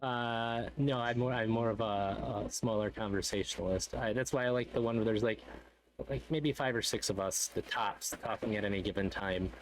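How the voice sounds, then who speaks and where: A young man interviewing a guest in casual chat on a voice call, halting and full of fillers and restarts, swearing casually. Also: fairly low pitch, a little hiss or hum.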